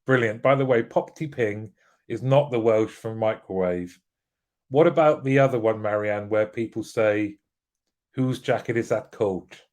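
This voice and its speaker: A man's voice: on the low side, moderate pace, darkish tone. A British man hosting a casual live show, greeting viewers by name and joking as he reads their comments. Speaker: livestream host.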